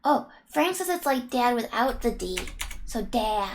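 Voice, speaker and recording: A woman's voice: high-pitched, very animated, normal speed, a little hiss or hum. A woman streaming a game, reading its text aloud and chatting playfully with her viewers, giggling as she goes.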